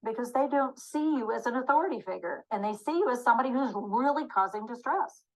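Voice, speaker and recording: A woman's voice: fairly high pitch, lively intonation, quick pace, rough recording. Emphatic woman teaching dementia care. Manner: emphatic, acts out short apology phrases. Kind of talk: webinar teaching.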